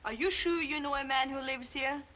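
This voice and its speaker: A woman's voice: high voice, fairly quick, dull audio, a little hiss or hum. A teasing young woman in love. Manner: eager, teasing, soft-spoken. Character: wide-eyed young woman skater in love. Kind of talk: 1930s film acting.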